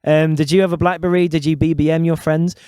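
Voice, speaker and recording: Smooth-voiced man in his thirties. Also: fairly high pitch, flat delivery, fast, warm tone, no echo, studio quality. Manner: jokey, sweary banter. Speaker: podcast co-host. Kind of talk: casual chat.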